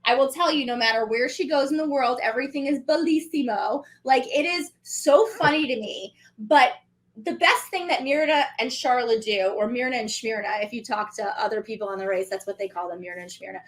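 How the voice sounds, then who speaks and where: A woman in her 30s co-hosts a podcast, recapping things in casual talk. Her voice is high, and she's chatty and animated, with quick asides.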